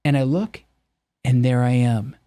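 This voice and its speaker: A man's voice: medium pitch, fairly even intonation, measured pace, warm tone, clean tone, dry recording. A middle-aged man speaking earnestly and with animation as a podcast guest, telling personal stories and acting out the voices he quotes. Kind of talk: candid personal storytelling.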